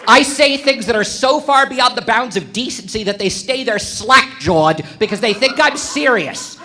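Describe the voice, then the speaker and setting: A man performing a stand-up comedy set on a club stage, delivering provocative lines with deadpan brashness before each punchline. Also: very high voice, moderate pace, a faint crowd.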